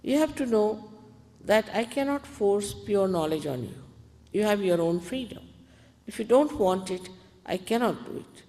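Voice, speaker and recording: A woman spiritual teacher giving calm, deliberate guided meditation instructions to an audience, in an archival recording. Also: mid-range voice. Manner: calm, deliberate, gently commanding. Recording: archival talk in a reverberant hall.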